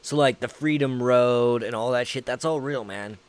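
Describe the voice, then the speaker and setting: A man's voice: medium pitch, normal speed, clear, resonant tone. A man with a Southern US accent, hosting a livestream and chatting casually with his viewers in a rambling, profane, laid-back way. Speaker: livestream host.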